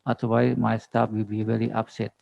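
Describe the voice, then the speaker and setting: A man with a Thai accent giving a halting conference presentation on forestry, pausing often and asking for the next slide. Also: lowish voice, little pitch movement, vocal fry, darkish tone, no room sound, lo-fi sound. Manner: halting, many fillers, reading slides. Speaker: government forestry official presenting.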